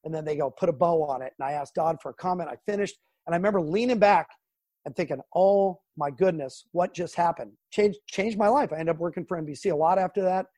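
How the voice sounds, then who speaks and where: A middle-aged man from Southern California, a sports broadcaster telling animated stories in an interview. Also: on the high side, fast talker, no echo. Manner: animated storyteller, acts out quotes and sounds. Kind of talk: storytelling interview.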